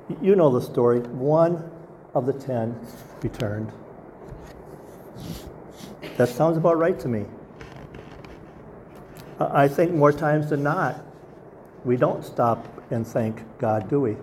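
A man's voice: medium pitch, slow, long pauses, darkish tone, slight background noise. A man preaching a sermon as pastor, earnest and asking the congregation rhetorical questions.

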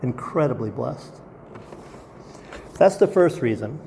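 A man's voice: medium pitch, animated, slow, creaky, warm tone, slight background noise. A man preaching a sermon as pastor, earnest and asking the congregation rhetorical questions.

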